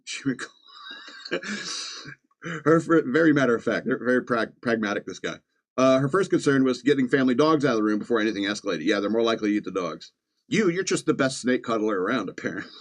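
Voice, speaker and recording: A man's voice: medium pitch, a little fast. A man hosting a podcast from Virginia, reading news stories with sarcastic, chuckling asides in a casual comedic style. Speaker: podcast host.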